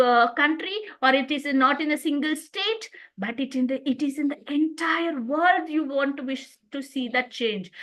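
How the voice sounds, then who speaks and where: High, lively-voiced woman trainer. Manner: stresses words for demonstration, restarts phrases. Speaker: communication skills trainer. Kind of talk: training lecture.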